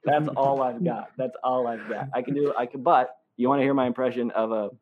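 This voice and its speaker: A man's voice: medium pitch, fairly even intonation, brisk, narrow, tinny audio. A male comedian guesting on a podcast, rambling and self-deprecating with lots of fillers. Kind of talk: casual podcast chat.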